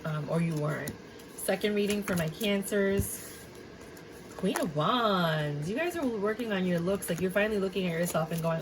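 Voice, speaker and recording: A woman's voice: mid-range voice, expressive, moderate pace, noisy background. A woman giving a casual tarot reading straight to her viewers, chatty and full of fillers, easily cracking herself up. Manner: chatty, filler-heavy, addresses viewers directly; prone to giggling fits. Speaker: tarot reader.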